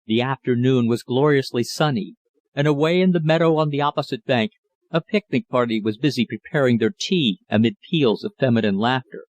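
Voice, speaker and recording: Male audiobook narrator, mid voice, dry close mic, measured read. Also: mid-range voice, a little mellow, no echo. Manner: measured, literary reading. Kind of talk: scripted narration.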